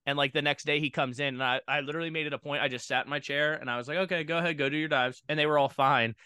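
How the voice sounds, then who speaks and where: A man co-hosting a podcast, an animated storyteller who acts out what people said. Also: medium pitch, racing, clear, resonant tone, no room sound, studio quality. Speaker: podcast co-host, diving coach. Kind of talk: podcast interview.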